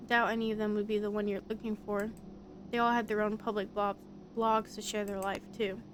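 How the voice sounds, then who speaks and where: A woman's voice: medium pitch, flat delivery, brisk, a little hiss or hum, natural voice. A woman voicing a laid-back young man in a visual novel, talking in a casual, slangy, gossipy way.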